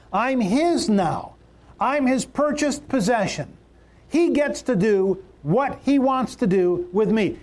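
A male pastor with a notably high voice delivers a sermon. He talks emphatically and repeats his key lines, letting his pitch rise and drop to drive each point home.

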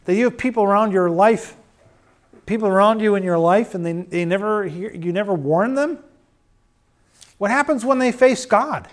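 A middle-aged man preaching a sermon, swinging between loud urging and quiet storytelling. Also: high-pitched.

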